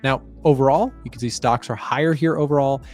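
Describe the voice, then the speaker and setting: A man's voice: mid-range voice, fairly quick, a little mellow, faint music behind. A man hosting live market commentary, explaining economic data and questioning a guest. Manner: conversational, explains and asks questions. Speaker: trading show host.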